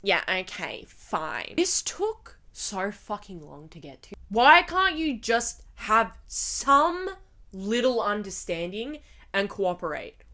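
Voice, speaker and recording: A young woman in her twenties from Australia telling a storytime vlog, ranting and swearing with animated energy. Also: mid-range voice, takes it slowly. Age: 20s. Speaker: vlogger.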